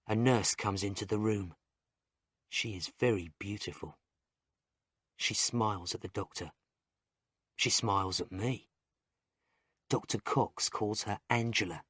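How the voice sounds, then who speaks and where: A man reads a first-person story for English learners at a slow, even pace. His short sentences are plain and carefully spaced. The sound is dry and close, with no room echo. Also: on the low side, breathy edge. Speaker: story narrator. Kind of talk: graded reader story narration for English learners.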